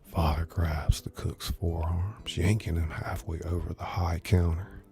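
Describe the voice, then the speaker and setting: A man reading a story aloud in a soft, unvoiced whisper, as whispered role-play. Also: sits low, little pitch movement, a little slow, creaky, faint music behind. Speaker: narrator, reader.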